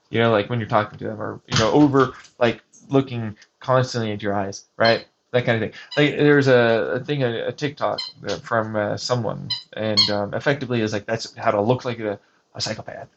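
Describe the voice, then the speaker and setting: A man's voice: medium pitch, noisy background. A man vlogging outdoors on a hiking trail, rambling through a personal story with lots of swearing and restarts. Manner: rambling, profane, restarts often. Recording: muffled lo-fi recording.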